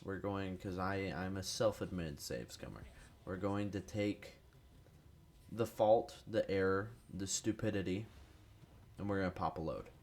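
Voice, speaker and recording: Low-voiced sick man rambling over gameplay. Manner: rambling, profane, self-deprecating. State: sick with a cold. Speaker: gaming youtuber. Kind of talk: casual gameplay commentary.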